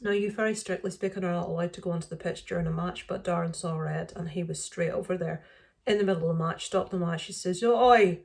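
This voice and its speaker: A woman's voice: on the low side, fairly even intonation, fast, creaky, a little mellow. A middle-aged woman vlogger casually retelling an incident, indignant and full of fillers and restarts. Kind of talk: casual storytelling to camera.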